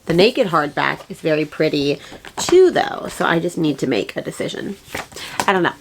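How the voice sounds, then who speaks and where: A woman's voice: deep voice, expressive, moderate pace, noisy background. A woman book vlogger chatting casually and enthusiastically, gushing and rambling with fillers as she shows her book haul.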